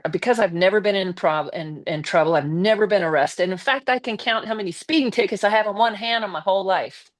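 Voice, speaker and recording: A woman, a guest on a live stream, telling a personal story in a casual, animated way with blunt swearing. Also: mid-range voice.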